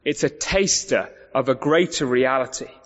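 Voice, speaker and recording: A man's voice: mid-range voice, normal speed. A male preacher delivering an emphatic sermon, asking the congregation rhetorical questions and often restarting his sentences. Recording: reverberant hall, muffled sound.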